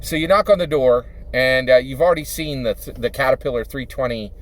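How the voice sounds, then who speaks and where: A man's voice: medium pitch, a little fast. A man from Philadelphia, a YouTuber and dungeon master, talking in a casual monologue that rambles with fillers and asks "right?" again and again. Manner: rambling, with many fillers and repeated tags of "right?".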